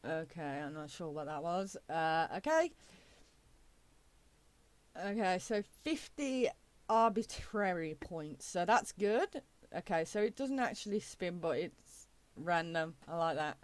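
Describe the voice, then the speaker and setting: A woman's voice: lowish voice, expressive, no echo. Woman thinking aloud over a game. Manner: thinks aloud, many "okay"s, reads game text haltingly. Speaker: gaming channel host. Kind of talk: casual let's-play commentary.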